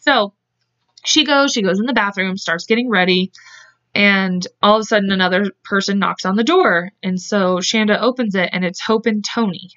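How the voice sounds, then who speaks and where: At home on a dull lo-fi podcast mic, a woman shares a true-crime story in easy conversation, voicing the quotes and laughing often. She speaks at normal speed in a medium-pitched, fairly bright voice.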